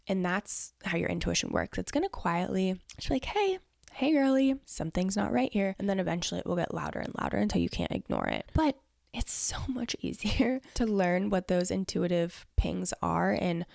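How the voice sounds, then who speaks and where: Chatty young woman with vocal fry. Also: fairly low pitch, very animated, normal speed, darkish tone, no echo, studio quality. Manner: chatty, earnest, peppered with "like" and "you know". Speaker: podcast host. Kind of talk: casual solo Q&A chat.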